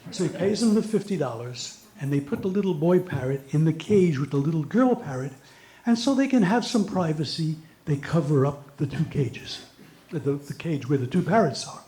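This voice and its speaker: A middle-aged man telling stand-up jokes in a roomy venue with plenty of echo. His voice sits somewhat high and rises and falls all over as he spins each story. The delivery is animated and full of play. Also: moderate pace. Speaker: stand-up comedian.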